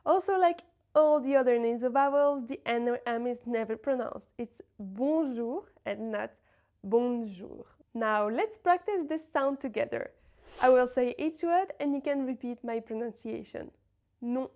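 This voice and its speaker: A woman gives a pronunciation lesson in a slightly high voice. She models each example word slowly and with care, then explains it in plain, even terms. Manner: slow, carefully modeled example words. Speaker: French teacher.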